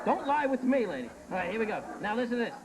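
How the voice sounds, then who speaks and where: A man hosting a comedic game show, teasing contestants with quick jokes. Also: very high-pitched, sing-song. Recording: noisy archive TV studio tape.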